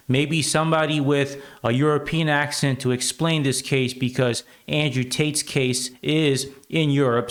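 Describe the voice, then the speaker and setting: American man with a raised voice. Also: on the high side. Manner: emphatic, rhetorical asides. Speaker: commentary show host. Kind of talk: opinionated commentary.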